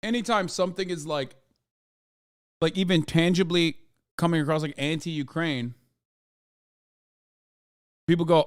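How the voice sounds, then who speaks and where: A man streaming, reacting to a video with a profane, sarcastic, animated rant. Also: a little high, measured pace, long pauses, clean tone.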